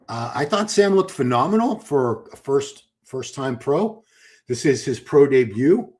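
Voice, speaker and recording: A livestream host with a mid-range, slightly mellow voice chats enthusiastically through his commentary. He reads viewer questions aloud and restarts himself a lot.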